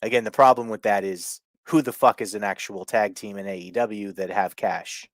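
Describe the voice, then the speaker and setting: A man's voice: fairly low pitch, fairly even intonation, moderate pace, dry recording. Male co-host, casual wrestling recap, sarcastic, swears freely, dry close-mic sound. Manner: swearing, mocking impressions of wrestlers. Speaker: podcast co-host.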